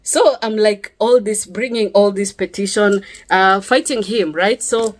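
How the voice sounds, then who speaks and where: A woman delivers an emotional personal testimony in a voice of ordinary middle pitch. She speaks in an impassioned, pleading way and keeps checking in with her listeners with a quick "yeah?". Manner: impassioned, pleading, often ends phrases with "yeah?".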